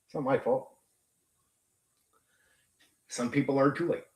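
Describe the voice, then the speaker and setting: A man's voice: mid-range voice, steady tone, measured pace, darkish tone, echoey room. A man hosting a tabletop gaming stream, ranting bluntly and profanely at his chat. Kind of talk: livestream rant.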